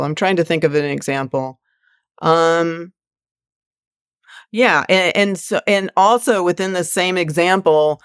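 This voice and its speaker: A woman with a smooth, clear voice talks through her ideas on a podcast, pausing and restarting as she thinks. The sound is dry and close. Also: deep voice, no room sound. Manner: reflective, thinking aloud with fillers. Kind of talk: casual podcast conversation.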